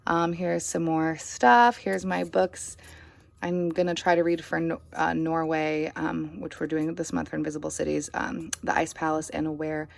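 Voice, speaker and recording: A woman's voice: low-pitched, little pitch movement, normal speed, creaky, no room sound. A young woman chatting casually through a bookshelf tour, rambling with many fillers and asides. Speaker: BookTuber.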